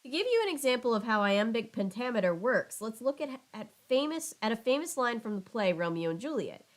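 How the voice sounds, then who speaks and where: A woman's voice: fairly high pitch, sing-song, a little fast. A woman reading a children's book aloud with casual asides. She stumbles over words, laughs at herself and apologizes.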